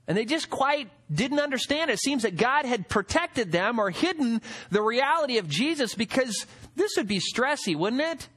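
Animated high-voiced man preaching a sermon. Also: normal speed. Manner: animated, acts out quoted voices with rising pitch. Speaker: pastor.

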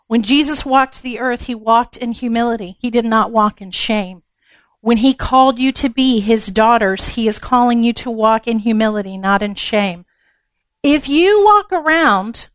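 A woman's voice: on the high side, no room sound. A woman giving a conversational sermon to a women's gathering, frank and down-to-earth with blunt humor.

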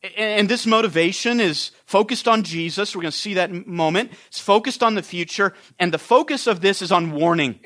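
A man's voice: sits high, brisk, few pauses, a bit bright. A man preaching an expository sermon, earnest and emphatic, often restarting his phrases.

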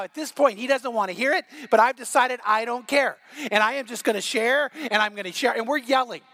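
A middle-aged man preaching a sermon as pastor, telling a story with animated, rising delivery that climbs to near shouting. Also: extremely high pitch.

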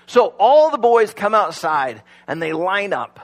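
Man, pastor, sermon, conversational, animated storyteller, husky tone, lively pitch. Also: unhurried.

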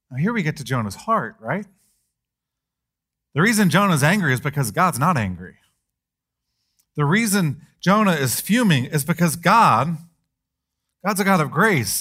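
A middle-aged man preaching a sermon as pastor, animated and dramatic, acting out the voices of biblical figures. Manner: animated, acts out biblical voices with rising pitch and volume.

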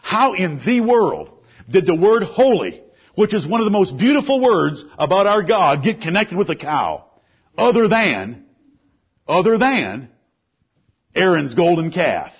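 A man preaching a sermon, emphatic, rising to loud peaks and then dropping low. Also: sing-song, unhurried, husky. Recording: muffled lo-fi recording.

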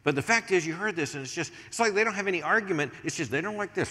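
An older American man preaching a sermon as pastor, swinging from hushed asides to emphatic points. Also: a little high, lively intonation, racing, hardly any pauses. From United States. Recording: long reverb of a large hall.

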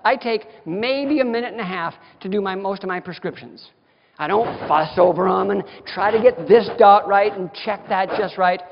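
A dental lecturer with a high-pitched voice gives a continuing-education talk to dentists in a lecture hall, speaking in a folksy, direct and emphatic way. There's slight background noise, and the recording sounds dull with a long hall reverb.

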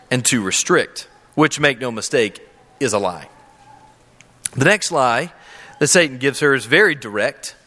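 A man's voice: on the high side, sharp tone. A man preaching a sermon to a congregation in a church, earnest and emphatic, asking rhetorical questions. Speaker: pastor. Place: church sanctuary with a live audience. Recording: long hall reverb.

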